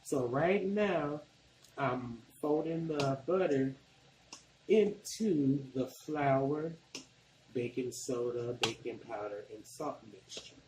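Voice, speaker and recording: This Arkansas cooking vlogger speaks slowly at a medium pitch, his Southern accent coming through as he casually rambles through a tutorial at home. The kitchen sounds echoey, and there's noise in the background.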